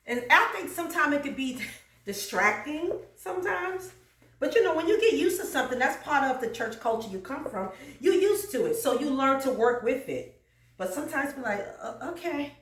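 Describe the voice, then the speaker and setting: A woman's voice: on the high side, recorded from a distance. Chatty woman cleaning her kitchen, goes up and down a lot, laughs, bit of room echo. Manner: chatty, laughs often, drifts into sung and preaching cadences. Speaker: cooking channel host. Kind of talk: casual chat while cleaning. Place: home kitchen.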